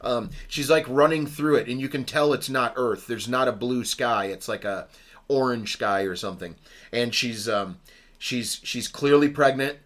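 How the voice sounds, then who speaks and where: A man's voice: mid-range voice, moderate pace, fairly bright tone. A man on a casual podcast, retelling a movie plot with frequent ums and restarts. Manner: rambling, many ums and restarts. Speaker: podcast co-host.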